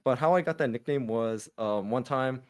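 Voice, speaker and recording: A man's voice: medium pitch, moderate pace. A man co-hosting a podcast, telling a long story in casual chat with many fillers and restarts. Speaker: podcast co-host.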